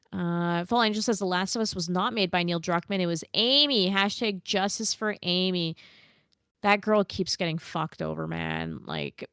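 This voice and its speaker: A woman's voice: on the low side, a bit bright, smooth, no room sound, clean studio sound. Woman casually reading out viewer comments. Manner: reads viewer comments aloud, blunt, swears. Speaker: podcast co-host reading chat. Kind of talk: casual chat.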